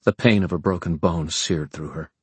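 A man reads an audiobook with dramatic, measured narration. His voice is very deep and husky, and the sound is dry and close. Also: no echo. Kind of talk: scripted narration.

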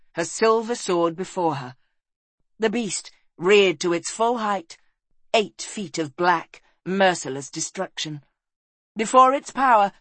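A woman narrates a fantasy adventure with dramatic storybook expression. Her voice sits at an ordinary middle pitch and sinks low and quiet for the sorrowful moments. The recording is close and dry. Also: dry recording. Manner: expressive, drops low and soft for sad passages.

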